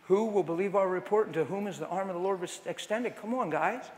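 High-voiced animated male preacher in a hall. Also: fairly quick. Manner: animated storytelling, acting out voices and wailing. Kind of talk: sermon. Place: large hall with audience. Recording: long hall reverb.

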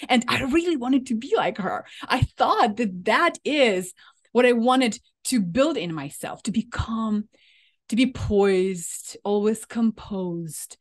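A woman speaking coach in her thirties giving a motivational talk, enthusiastic and expressive with emphatic swings in delivery. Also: mid-range voice. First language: Ukrainian.

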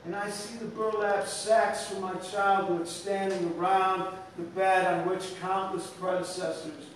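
A man with a strikingly high voice gives a spoken-word poetry reading, measured and solemn. He sounds distant from the microphone in a very echoey room. A faint hiss sits under his voice. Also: little pitch movement. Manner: measured, solemn, unhurried delivery. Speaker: poet reading his work. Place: indoor live venue.

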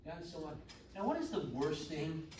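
A man's voice: fairly high pitch, a little fast. A man teaching a church confirmation class, asking the students questions and acting out the voices in the story. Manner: animated, acts out story voices. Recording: echoey room from far off, noisy.

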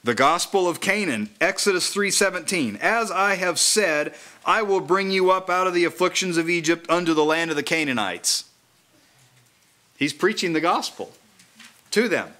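Preaching to a small house church, this man speaks in a fairly high, bright voice. After a slow, deliberate scripture reading, he eases into a relaxed, conversational discussion of what it means.

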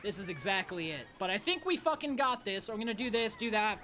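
A young woman streamer giving loud, profane, frustrated commentary while playing a racing game. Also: mid-range voice, expressive, brisk. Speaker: gaming streamer. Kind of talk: live gameplay commentary. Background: faint game music.

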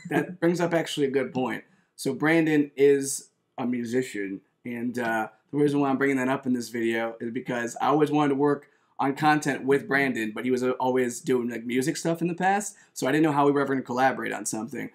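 A young man hosting his own video, chatting casually with a friend in an animated, self-mocking way. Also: medium pitch, brisk. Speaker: YouTuber host. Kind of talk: casual chat.

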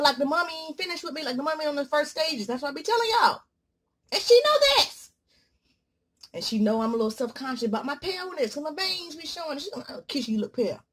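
Woman, mukbang vlogger, playful, lively rising and falling voice, fairly high. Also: a little hiss or hum. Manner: playful, dramatic swings from loud exclamations to murmurs. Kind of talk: casual chat while eating.

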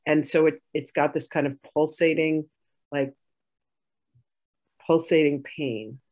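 A woman telling a personal story in a healing session, animated, acting out arguments and laughing. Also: sits low, takes it slowly, poor audio.

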